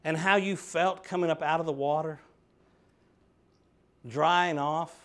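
A middle-aged man, preaching a sermon with animated swings from quiet talk to loud fervor. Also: on the high side, unhurried.

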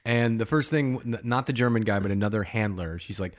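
A man's voice: lowish voice, steady tone, quick pace, few pauses. A man co-hosting a casual chat, telling a rambling story with lots of restarts and fillers. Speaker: podcast co-host.

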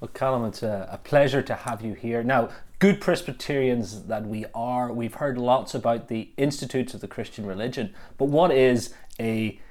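Man, co-host, medium pitch, playful, jokey. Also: moderate pace, few pauses, darkish tone. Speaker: podcast co-host. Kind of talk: casual podcast chat.

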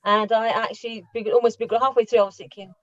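A woman's voice: on the high side, flat delivery, quick pace, dry recording. Woman, film reviewer, chatty and laughing, dry close sound, slightly dull lo-fi audio. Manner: chatty, laughs often, restarts. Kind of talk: casual radio review chat.

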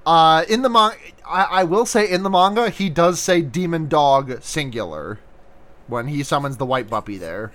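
Laid-back man, somewhat high voice. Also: normal speed. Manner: relaxed, laughing often, swearing casually, hesitant fillers. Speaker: podcast co-host. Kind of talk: casual chat.

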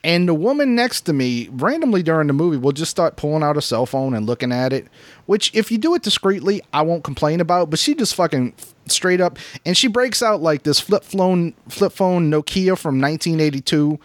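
A man's voice: fairly high pitch, lively intonation, brisk, dry recording. A man co-hosting a comedy podcast, telling a profane story with acted-out quotes. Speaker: podcast co-host.

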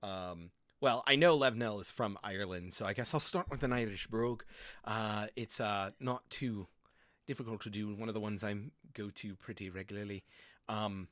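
A man's voice: fairly low pitch, normal speed, fairly bright tone, no room sound. A man hosting a casual podcast chat with his cast, easygoing, laughing often, with lots of fillers. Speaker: host and game master.

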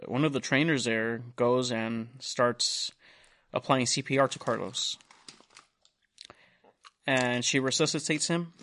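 A young man tells a long story on a casual podcast. He swears freely, drifts off on side tracks, and acts out each person's lines in quotes. His voice sits at an average pitch for a man. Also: a bit bright. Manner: rambling, profane, retells dialogue in quotes. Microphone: studio mic.

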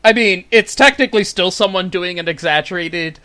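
A man's voice: high voice, brisk, sharp tone. A man from New Jersey co-hosting a casual chat, explaining background for the listeners. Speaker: podcast co-host.

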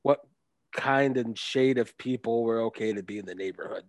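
A man's voice: mid-range voice, moderate pace, no room sound. A young man in casual chat, asking skeptical questions and teasing the others.

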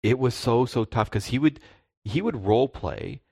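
A man's voice: medium pitch, expressive, normal speed, vocal fry, mellow, husky, no echo, studio quality. A man co-hosting a casual chat about tabletop gaming, stammering through restarts as he talks. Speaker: podcast co-host, game master.

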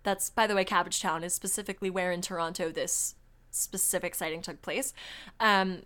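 A woman hosting a casual podcast, chatting quickly with plenty of "like" fillers and reading articles aloud. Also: lowish voice, fairly even intonation, sharp tone. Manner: chatty, fast, full of "like" fillers and laughs. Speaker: podcast host.

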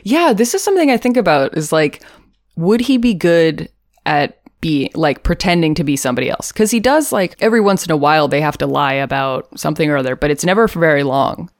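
A podcast co-host with a low-pitched, expressive voice recaps a TV episode a little fast, chatty and jokey with lots of fillers and laughter. The recording is dry, with clean studio sound.

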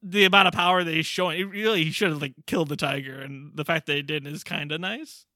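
A young podcast co-host with a slightly high voice animatedly retells a comic's story in casual chat, acting out characters in quick bursts. The audio is studio quality with no room sound.

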